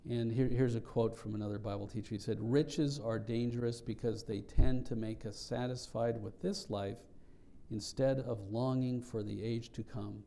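Gravelly, mellow-voiced man preaching. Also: medium pitch, steady tone, normal speed, slight background noise. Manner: earnest, reflective teaching with frequent restarts. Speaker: pastor. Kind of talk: sermon.

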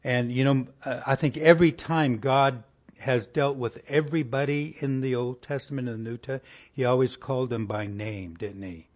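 A man delivers a conversational, folksy sermon, asking his listeners rhetorical questions. His voice is medium in pitch and moderate in pace, and it sinks to a soft, hushed tone for tender passages.

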